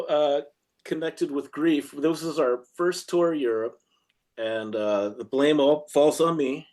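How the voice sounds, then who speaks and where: A man's voice: fairly high pitch, darkish tone. Male punk musician guest, loose rambling storyteller who acts out quotes. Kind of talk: casual storytelling interview.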